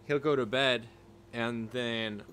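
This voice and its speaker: Talking into a desk microphone with a level meter, a man hosts a relaxed livestream from a room at home, meandering with lots of fillers and restarts while thanking viewers by name. His medium-pitched voice is steady, slow, and a bit bright, with a little hiss or hum.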